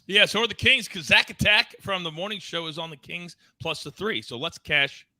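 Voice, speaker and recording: Guy hosting a betting show, high bright voice, playful and loud, big pitch jumps. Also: animated, normal speed, dry recording. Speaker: host. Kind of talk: energetic sports betting show banter.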